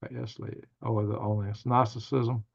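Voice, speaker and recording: A man's voice: medium pitch, flat delivery, moderate pace, creaky, dull audio. A man hosting a casual livestream, reading viewer comments aloud and answering them in a rambling, thinking-aloud way. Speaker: livestream news host.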